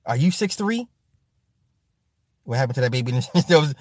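A man's voice: mid-range voice, moderate pace, pauses often, dry recording, studio quality. A man hosting a casual livestream, reading viewer comments aloud, swearing freely and laughing often. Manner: profane, animated, laughs often, talks straight to the chat. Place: home streaming setup with ring light.

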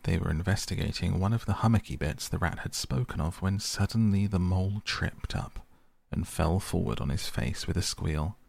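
A man reading a bedtime audiobook softly and unhurriedly. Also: sits low, normal speed, gravelly. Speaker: podcast audiobook reader.

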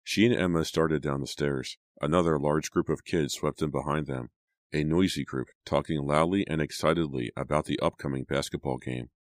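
Man, extremely deep voice, audiobook narration, steady and dramatic, dry close sound. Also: normal speed, no echo.

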